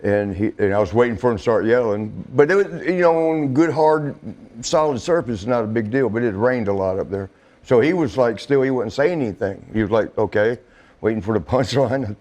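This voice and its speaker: A middle-aged man telling a casual story, laughing often and swearing, acting out quotes in a higher voice. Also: brisk, darkish tone. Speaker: interview guest.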